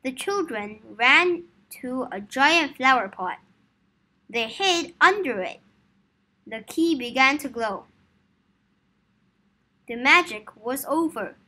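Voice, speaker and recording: A woman reading a children's story aloud for English learners, slow, clear and careful. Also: high-pitched, lively intonation, bright, forceful tone.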